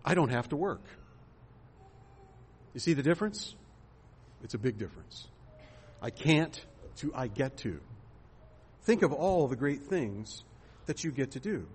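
A man delivers a sermon with a slightly husky voice, mid-pitched and unhurried. He preaches conversationally, tossing out rhetorical questions and the odd filler as he goes. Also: lively intonation, darkish tone. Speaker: pastor.

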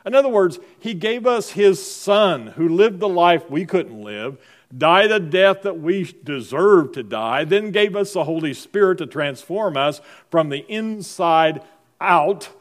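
A man's voice: sits high, animated, unhurried. A middle-aged man preaching a sermon as pastor, in a conversational style full of rhetorical questions to the congregation.

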